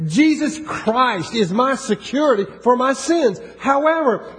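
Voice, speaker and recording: A man's voice: very high-pitched, lively intonation, a little slow, few pauses, a bit bright. A man with a Southern US accent preaching a sermon in a folksy way, with joking asides and rising emphasis. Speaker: pastor.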